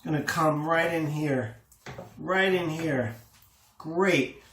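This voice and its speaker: A man's voice: on the high side, slow pace. A man casually demonstrating a recipe in a kitchen, enthusiastic and exclaiming over the food as he works. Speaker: home cooking host. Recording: echoey room, faint noise.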